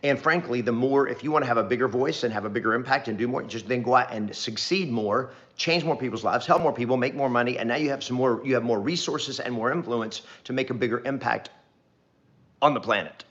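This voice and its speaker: A man's voice: medium pitch, a little fast, a bit bright, lo-fi sound. A middle-aged man, a real estate trainer, giving an earnest, rambling motivational talk to camera and repeating phrases for emphasis.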